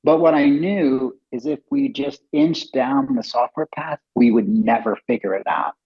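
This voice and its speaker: A husky middle-aged man, a company co-founder appearing as a guest, tells stories in a casual interview. His mid-range voice is unhurried and animated, and he acts out quoted dialogue in other voices. The podcast audio sounds dull and lo-fi.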